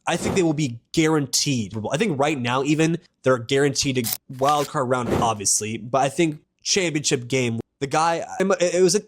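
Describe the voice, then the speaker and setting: A young man vlogging about football in a rambling, excitable way, with crude jokes and frequent restarts. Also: mid-range voice, moderate pace, few pauses, a little hiss or hum. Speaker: sports vlogger. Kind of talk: casual sports rant to camera.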